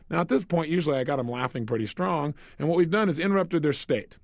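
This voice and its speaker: A man leading a self-help audio program, talking in an energetic, emphatic way and asking the listener rhetorical questions. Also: a little high, fast talker, gravelly, few pauses, no echo, studio quality. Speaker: motivational speaker.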